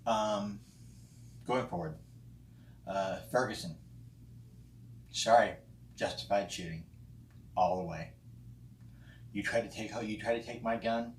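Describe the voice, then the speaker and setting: A man with a fairly low voice talks through his opinions bluntly, swearing freely and pausing often on ums. The room around him is echoey. A faint hum of noise sits underneath. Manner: blunt and profane, with frequent ums and restarts. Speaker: vlogger responding to a friend's video. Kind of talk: casual opinionated monologue. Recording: roomy echo with faint background noise.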